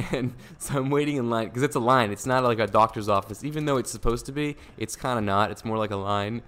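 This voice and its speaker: A man's voice: medium pitch, fairly quick, a bit bright, clear, resonant tone. A young man casually telling a story to his viewers, rambling and laid-back with lots of fillers. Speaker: vlogger.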